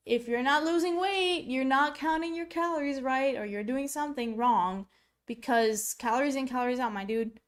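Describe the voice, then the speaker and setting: Over a streaming mic, this high-voiced woman talks at a moderate pace with animated delivery, giving blunt, filler-heavy reaction commentary in a chatty way. Popcorn catches in her throat and sets her coughing.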